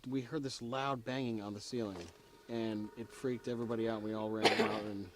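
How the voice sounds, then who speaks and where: A man's voice: fairly low pitch, flat delivery, brisk, slight background noise, lightly acted. An actor playing a male paranormal investigator who explains a test in a matter-of-fact way. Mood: explaining.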